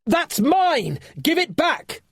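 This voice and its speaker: A man's voice: sits high, sing-song, takes it slowly, no echo, studio quality, voice pushed up, exaggerated voice. A man voicing an earnest, anxious young boy in a storybook reading, urgent in tone.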